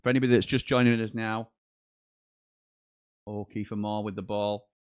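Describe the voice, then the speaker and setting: A man with a fairly low, smooth voice talks at a moderate pace while hosting a live football watchalong. He's chatty, reads viewer messages aloud between commentary, and turns excitable at goals. The recording is dry.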